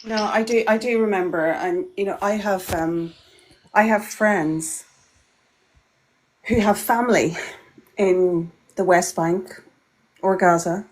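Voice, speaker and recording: A woman guest in a casual conversation, speaking in a measured, hesitant way with many pauses and fillers. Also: medium pitch, rough recording.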